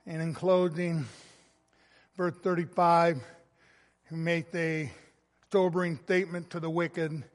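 A man preaching a sermon as a pastor, slow and emphatic, swelling loud and then dropping soft. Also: fairly high pitch, flat delivery, big-room sound.

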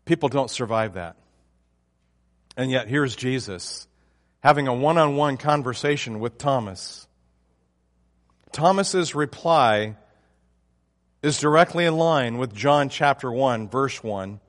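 A man's voice: mid-range voice, animated, takes it slowly, pauses often, fairly bright tone, in a large hall. A man preaching a sermon, emphatic and often restarting his phrases. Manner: emphatic, with frequent restarts and fillers.

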